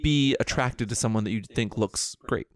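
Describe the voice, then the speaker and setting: Male podcast co-host, mid-pitched, teasing and playful, casual banter. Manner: teasing, playful, quick with jokes. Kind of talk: casual chat.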